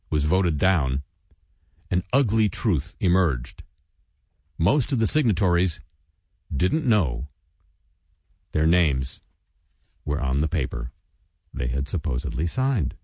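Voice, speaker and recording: A man's voice: low-pitched, a little mellow, no room sound. A man hosting a satirical news commentary, reading items and adding sardonic asides and mock voices. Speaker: radio commentary host.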